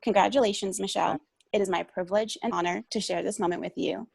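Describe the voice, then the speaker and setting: A woman's voice: mid-range voice, steady tone, fast, vocal fry, breathy edge, dry recording, rough recording. A woman reading a formal, ceremonious tribute introducing a panel moderator. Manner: earnest, ceremonious delivery.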